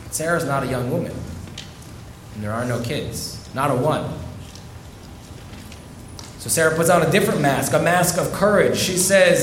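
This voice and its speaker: A man, a rabbi, giving a storytelling sermon, delivered with dramatic pauses. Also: on the high side, echoey room, slight background noise.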